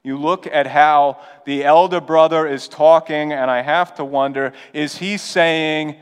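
A pastor preaching a sermon in an earnest, conversational way with urgent appeals. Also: male voice, fairly high pitch, fairly even intonation, unhurried, smooth, big-room sound. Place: church.

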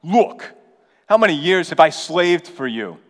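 A preacher acting out a resentful, self-righteous elder brother who complains indignantly. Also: male voice, on the high side, very animated, measured pace, fairly bright tone, in a large hall, voice pushed up, full character voice. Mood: seething.

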